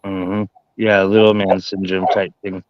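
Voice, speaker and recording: A man's voice: low voice, flat delivery, unhurried, a little hiss or hum. A man in casual chat, rambling about his dogs and filling gaps with "you know". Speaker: dog owner in conversation. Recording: dry, dull lo-fi sound.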